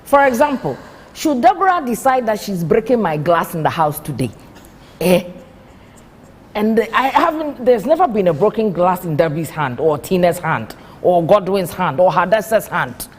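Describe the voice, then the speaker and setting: A woman's voice: on the low side, moderate pace, breathy edge. Woman talk show host asking pointed questions, voice goes up and down a lot, roomy reverb. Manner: probing questions, animated.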